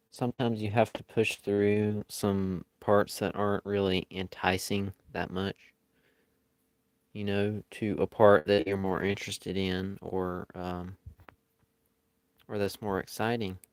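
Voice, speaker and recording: A man's voice: on the low side, darkish tone, no room sound. Laid-back man chatting while drawing. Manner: easygoing, chatty, rambling. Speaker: live-stream artist. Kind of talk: casual chat while drawing.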